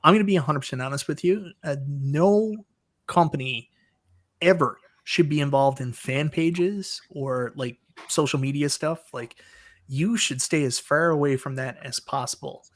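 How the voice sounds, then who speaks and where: A man hosts a casual live stream, talking in a slightly higher voice. He gives blunt, opinionated takes and often repeats himself as he makes a point. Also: normal speed.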